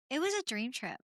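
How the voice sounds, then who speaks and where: A woman's voice: high voice, a bit bright, dry recording, studio quality. A woman from Canada hosting a solo podcast, telling rambling, laughing travel stories full of fillers. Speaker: podcast host.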